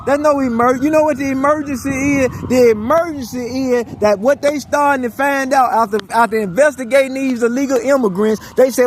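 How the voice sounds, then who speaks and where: A man's voice: very high-pitched, a little fast, hardly any pauses, a little hiss or hum. A man delivering a profane, rambling monologue, repeating himself and stumbling over restarts. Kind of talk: ranting monologue.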